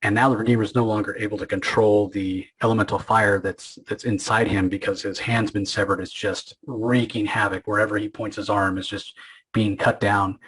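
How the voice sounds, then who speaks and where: A man with a low, husky voice, talking through a comic book story as a podcast host. His delivery is loose and rambling, with many fillers and restarts. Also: fairly bright tone, rough recording. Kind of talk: casual comic book recap.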